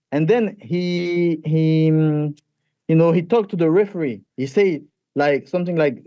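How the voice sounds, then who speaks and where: Guy, fighter, english, kinda highish mellow voice, halting and repeating himself, dull dry audio. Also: dry recording. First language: French. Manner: halting, repeats words, animated when retelling. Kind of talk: interview answers.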